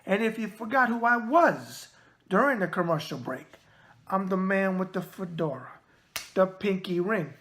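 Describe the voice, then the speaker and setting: A man's voice: high-pitched, expressive, moderate pace, fairly bright tone. A man with a New York accent hosting a casual mailbag video show, talking in a brash, wisecracking way and repeating catchphrases. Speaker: show host.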